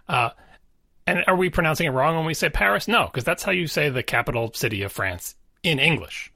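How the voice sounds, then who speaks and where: A man's voice: a little high, expressive, fairly quick, vocal fry, bright, forceful tone, no echo. A man co-hosting a podcast, chatting casually and explaining with a wry, conversational manner. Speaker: podcast co-host. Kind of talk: casual chat.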